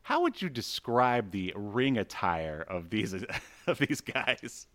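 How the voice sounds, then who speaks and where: Male podcast co-host, lowish voice, loose filler-heavy comic chat. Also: very animated, takes it slowly, a bit bright. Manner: rambling, lots of fillers, reads dialogue aloud. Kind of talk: casual comic book chat.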